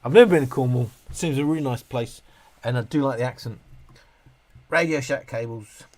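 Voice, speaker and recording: A man's voice: medium pitch, a little fast. A man hosting a casual live stream, reading chat questions aloud and ranting with frequent laughs. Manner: animated, ranting, laughs often. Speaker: livestream host answering chat questions.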